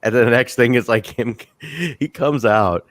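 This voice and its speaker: A man's voice: medium pitch, moderate pace, no echo. A man co-hosting a casual wrestling review chat, telling stories with a laugh. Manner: laughing, animated storytelling with mock quotes. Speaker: podcast co-host.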